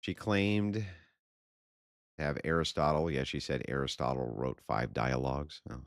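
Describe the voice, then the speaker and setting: Very deep, gravelly, blunt man. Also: normal speed, no room sound, studio quality. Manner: blunt, profane and sarcastic. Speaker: livestream host reading super chats. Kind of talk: casual livestream chat.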